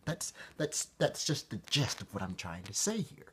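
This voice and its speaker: A man's voice: lowish voice, sing-song, moderate pace, slightly rough. A man talking to camera in a rambling, profane vlog monologue that keeps interrupting itself. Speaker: vlogger.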